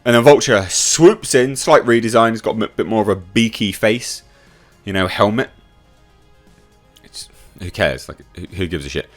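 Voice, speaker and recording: A man's voice: lowish voice, normal speed, pauses often, faint music behind. A man giving an exasperated, swearing, rambling film review in a casual online video rant.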